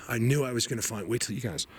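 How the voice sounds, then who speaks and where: A man vlogging outdoors in a snowy forest, emotional and awed, rambling and sometimes dropping to a hushed voice. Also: mid-range voice, a little fast, a little hiss or hum. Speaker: vlogger exploring the woods. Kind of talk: excited outdoor vlog narration.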